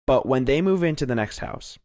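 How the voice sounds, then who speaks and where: A man's voice: mid-range voice, expressive, fairly quick, darkish tone, no echo, clean studio sound. A man co-hosting a podcast, talking eagerly about horror films and swearing casually. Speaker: podcast co-host. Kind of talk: casual film discussion.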